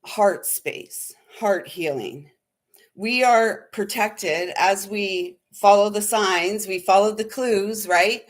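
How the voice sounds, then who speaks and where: A woman hosting a spiritual channel gives a casual livestream talk, rambling earnestly with lots of fillers and sounding shaky and unsettled. Her voice is mid-range and she speaks slowly.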